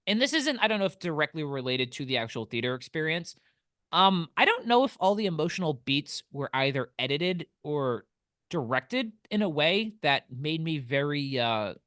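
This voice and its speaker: A man co-hosting a film podcast, telling stories in an animated way and swearing freely. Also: on the high side, dry recording, clean studio sound. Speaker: podcast co-host. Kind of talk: casual film podcast chat.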